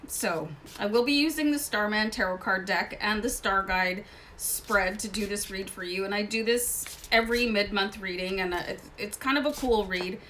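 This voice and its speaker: A woman's voice: mid-range voice, normal speed, pushed and bright, a little hiss or hum. A woman living in Canada hosting a casual tarot card reading, talking in a chatty, rambling way with many asides. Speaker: tarot reader.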